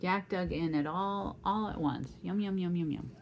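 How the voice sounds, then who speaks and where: Woman reading a kids story out loud, lowish voice, playful sound effects, faint room hum behind. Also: normal speed, rough recording. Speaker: parent reading aloud. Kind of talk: storybook read-aloud to a child.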